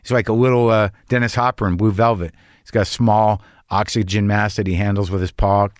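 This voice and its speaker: Hosting a podcast, an older man rambles through neurotic, foul-mouthed comedy and casual chat. He talks fairly quickly in a steady, lowish tone, with studio-quality sound and no room echo.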